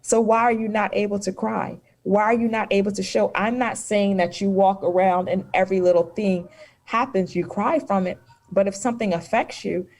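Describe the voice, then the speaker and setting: A woman's voice: medium pitch, a little mellow. A woman speaking as a guest in a casual discussion on mental health, explaining her points through stories and examples. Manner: storytelling, reassuring, explanatory.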